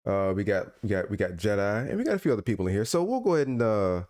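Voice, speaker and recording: A man's voice: lowish voice, very animated, very fast, darkish tone. A male host chatting live from his home, with speech and a mid-range voice that jumps up and down a lot. He teases his co-host and laughs easily. His delivery is loose and casual. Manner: playful, teasing, laughs often. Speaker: podcast host. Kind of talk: casual livestream chat.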